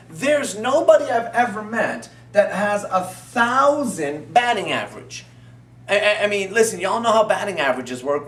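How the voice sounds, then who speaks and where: A man's voice: high voice, a bit bright. A man speaking as a motivational business coach, emphatic and repetitive as he urges the listener on. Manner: emphatic, repetitive, fervent exhortation. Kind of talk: motivational talk to camera. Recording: echoey room, voice from a distance.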